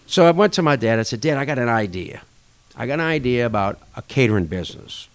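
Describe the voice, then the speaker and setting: A man recounts an old story in a relaxed interview, his voice swinging up and down as he acts out what each person said. He speaks at a middling pitch and an easy, conversational pace. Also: fast talker, clear, resonant tone. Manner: animated anecdote-telling, acting out dialogue with shifting pitch. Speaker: podcast guest, restaurant association chair.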